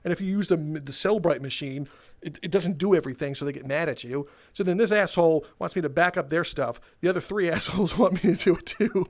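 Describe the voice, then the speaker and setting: A man's voice: on the high side, quick pace. Sarcastic, foul-mouthed young man ranting. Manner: sarcastic, exasperated, swears freely. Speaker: comedic storyteller. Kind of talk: profane comedic rant, walking tour.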